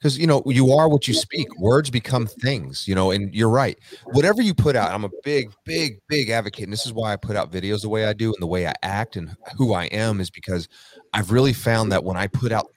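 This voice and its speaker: A man's voice: fairly low pitch, expressive, brisk. A man appearing as a podcast guest who talks in an upbeat, motivational way. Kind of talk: casual podcast chat.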